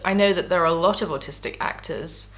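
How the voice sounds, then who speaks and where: A woman's voice: fairly low pitch, fast, fairly bright tone. A woman vlogging casually as she reads her old diaries aloud, candid and self-mocking, laughing often. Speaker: YouTuber.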